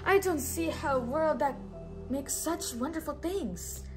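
A woman's voice: high voice, unhurried, recorded from a distance, music in the background. A woman reading as a dreamy young mermaid princess.

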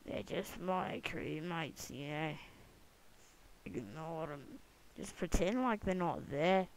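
A young adult rambling jokily through gameplay commentary, breaking into sudden excited whoops now and then. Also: mid-range voice, slow, slight background noise, poor audio. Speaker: gamer recording gameplay commentary. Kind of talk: casual let's-play commentary. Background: other people talking in the room.

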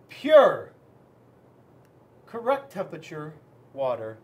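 A man, a police officer, reading a children's storybook aloud in an expressive, dramatic way with big swings in loudness. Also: sits high, moderate pace, long pauses.

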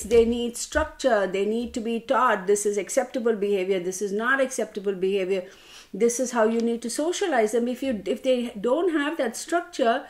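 Woman tarot reader, casual rant, animated and exasperated. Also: normal speed. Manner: animated, exasperated storytelling with sudden pitch jumps; addresses listeners as y'all. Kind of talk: casual ranting monologue.

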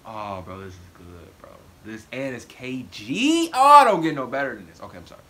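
A man hosting a reaction video, talking excitedly and casually, swearing and saying "bro" a lot. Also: medium pitch, brisk, husky.

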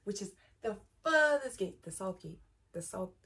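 A woman's voice: mid-range voice, expressive, normal speed, a bit bright. Rambling young South African woman. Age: young adult. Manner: rambling, slangy, says "bro" often. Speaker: YouTuber. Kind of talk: casual storytime.

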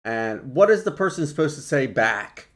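A man's voice: very animated, normal speed. Chill podcast guy talking casual, voice goes up and down a lot. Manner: laid-back, drops into low mock quotes. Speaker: podcast co-host. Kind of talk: casual chat.

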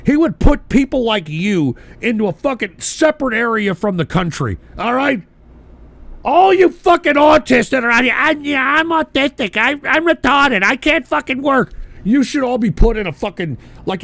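A man hosting a call-in stream show, ranting abrasively, hurling insults and often bursting into shouts while drinking beer. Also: very high voice, vocal fry, no room sound. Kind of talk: profane live-stream rant.

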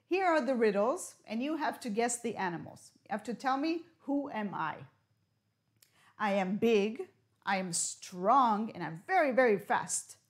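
Woman teaching English slowly. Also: fairly high pitch, expressive. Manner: slow, clear teacher talk with riddles and Hebrew glosses. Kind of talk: broadcast classroom lesson.

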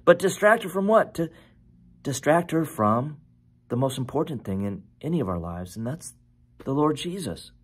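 A man preaching a sermon as pastor, with animated, conversational storytelling and questions to his listeners. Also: a little high, normal speed, breathy edge. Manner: animated storytelling, self-correcting.

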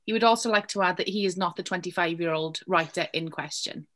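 A woman's voice: on the low side, quick pace, fairly bright tone. A woman moderating an online panel, greeting viewers in a friendly way and reading out audience questions.

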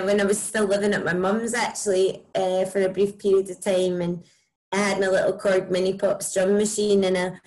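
A woman with a broad Scottish accent, a musician chatting casually and warmly about her music in an interview, with lots of "like" and "um". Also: mid-range voice, poor audio. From Scotland. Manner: chatty, enthusiastic, many likes and ums. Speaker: musician guest.

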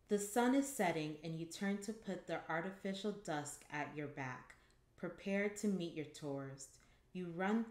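A woman reading a short story aloud at home in a calm, measured way. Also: sits low. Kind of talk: audiobook-style story reading. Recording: echoey room.

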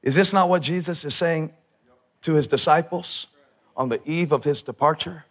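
A man preaching a sermon on a church stage, animated, shouting for emphasis and tossing in joking asides. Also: on the high side, moderate pace. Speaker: pastor.

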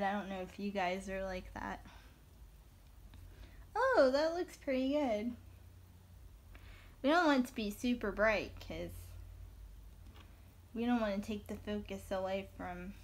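A woman in her thirties, from the American South, chatting casually and giggling as she colors for her viewers. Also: mid-range voice. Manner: chatty, giggly, slow-paced. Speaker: coloring video host. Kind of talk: casual chat while coloring.

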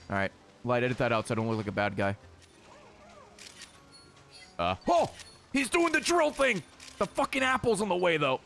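A man hosting a let's play, giving casual game commentary, excitable and heavy on swearing as he talks to the creatures on screen. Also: mid-range voice, normal speed, creaky, pauses often, soft background music.

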